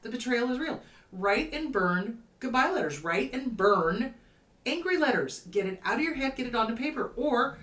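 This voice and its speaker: A woman host, a therapist, giving advice in casual talk, emphatic and animated, acting out quoted voices. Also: fairly high pitch, moderate pace. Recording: roomy echo, slightly distant from mic.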